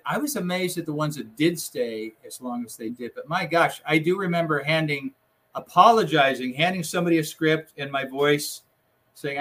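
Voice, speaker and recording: A man's voice: fairly high pitch, normal speed, fairly bright tone. An older man, a retired reporter, telling rambling newsroom anecdotes in a casual conversation, acting out the quotes.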